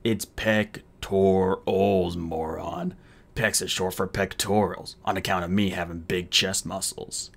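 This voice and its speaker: A man voicing a dim-witted hulking male henchman, slow and dull. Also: low voice, steady tone, creaky, fairly bright tone, heavily acted. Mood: annoyed.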